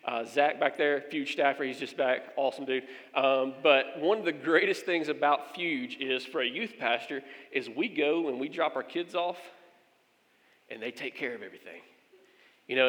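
A man's voice: mid-range voice, big-room sound. A man, a pastor, telling a funny story during a sermon, acting out the voices of the people in it. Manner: animated storyteller, acts out quoted voices.

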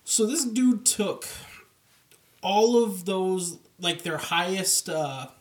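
A man chats casually on a podcast in a loose, rambling way that leans on fillers. His voice sits a little high for a man. He sounds set back from the microphone. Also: slow pace. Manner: relaxed, rambling, full of fillers. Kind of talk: casual chat. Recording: distant from the mic.

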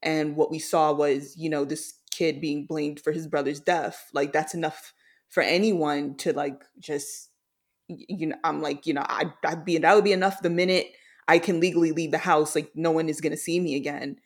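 A podcast co-host talking casually about a TV series, halting and full of fillers, clearly moved. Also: medium pitch, steady tone. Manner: halting, filler-heavy, emotional.

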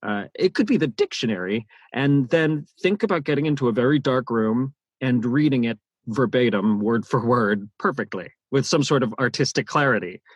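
A slightly rough, medium-pitched male voice, dry recording, normal speed and hardly any pauses: an audiobook narrator being interviewed. His talk is animated, full of restarts and repeated words.

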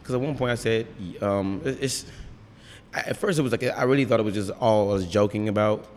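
Deep-voiced man, casual rambling chat, frank and profane, long reverb behind his voice. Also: brisk, a little hiss or hum. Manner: rambling, frank, swears freely. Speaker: brewer. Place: brewery.

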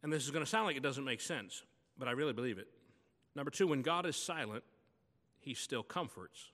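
A pastor delivers a sermon in a bright, forceful voice, talking through his points like a story told to friends. The sound carries the long reverb of a church hall. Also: mid-range voice, lively intonation, fairly quick. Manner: conversational storytelling preaching.

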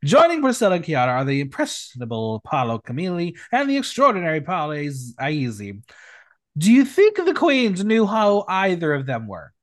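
A man's voice: fairly high pitch, huge pitch swings, normal speed. A man hosting a recap podcast, reading a script in a sassy, teasing way and bantering with his guest. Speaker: podcast host.

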